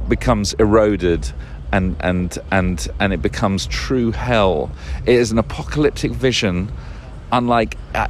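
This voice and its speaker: A podcast host with a lowish male voice rambles casually through a long solo monologue, with slight background noise behind him. He often loses a word, corrects himself, swears, and chuckles a lot.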